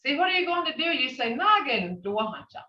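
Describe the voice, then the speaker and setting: A woman teaching a language class over a video call, patiently saying phrases slowly and repeating them for her students. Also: high-pitched, very animated. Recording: distant, roomy, dull video-call audio.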